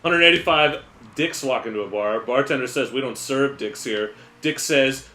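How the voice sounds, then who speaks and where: Man, bright forceful voice, deadpan rambling improv, roomy echo. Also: mid-range voice, moderate pace. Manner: rambling, deadpan storytelling with pun punchlines. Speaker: streamer. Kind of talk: improvised comedy.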